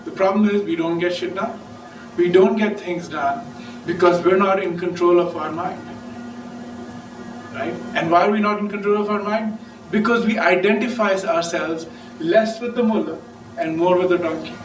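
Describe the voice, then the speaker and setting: A man gives a loose, conversational talk on meditation and keeps checking in with his listeners. His voice sits fairly high. It echoes through a roomy space from a distant mic, with faint music behind. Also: moderate pace. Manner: casual, keeps asking "right?". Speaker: speaker.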